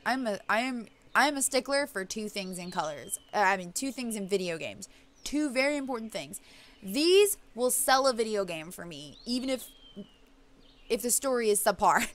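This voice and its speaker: A woman's voice: mid-range voice, a bit bright. A woman hosting a let's play, chatting casually and laughing at herself as she comments on a game.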